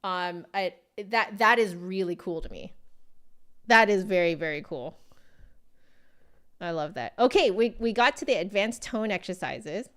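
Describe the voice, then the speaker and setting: A woman's voice: mid-range voice, lively intonation, unhurried, pauses often, a bit bright. A young woman, a flute teacher, casually reviewing a book and reading passages aloud with gushing enthusiasm.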